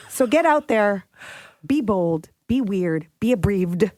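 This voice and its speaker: A woman's voice: medium pitch, animated, slow pace, darkish tone, dry recording, clean studio sound. A woman co-hosting a radio show's podcast, teasing and joking in casual banter. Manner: playful, teasing, laughs often. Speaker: radio co-host.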